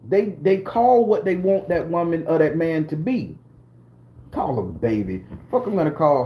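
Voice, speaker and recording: A man from southern Florida with a Southern American accent, hosting a casual live-stream talk, animated and profane, often breaking into high exclamations. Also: normal speed, slight background noise. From southern Florida, USA. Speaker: spiritual channel host.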